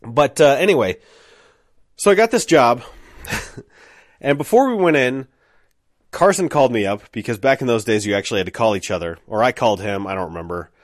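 A man's voice: mid-range voice, expressive, a little fast, long pauses, no echo. Brief: casual male storyteller, self-deprecating, filler-heavy, dead dry recording.

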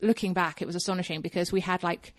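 A woman's voice: fairly low pitch, steady tone, fast, no room sound. Chatty woman with a dry close sound. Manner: chatty, laughs often, many fillers. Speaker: guest. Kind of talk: casual podcast interview.

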